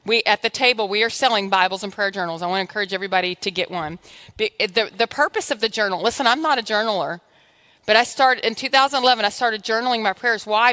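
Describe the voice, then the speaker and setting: A woman's voice: medium pitch, sharp tone. A woman pastor giving a conversational, humorous sermon in church, exhorting her congregation.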